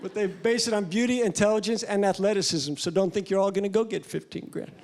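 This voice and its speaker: High-voiced, deadpan male stand-up. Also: fast talker. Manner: deadpan, crude, rambling. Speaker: stand-up comedian. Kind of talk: stand-up comedy set. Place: comedy club stage before a live audience. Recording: live club with loud crowd noise.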